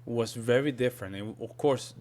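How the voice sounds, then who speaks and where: A man's voice: medium pitch, normal speed, darkish tone. A man whose first language is Spanish, chatting casually as he reacts to a video and often says "man". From Spanish-speaking country. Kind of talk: casual commentary.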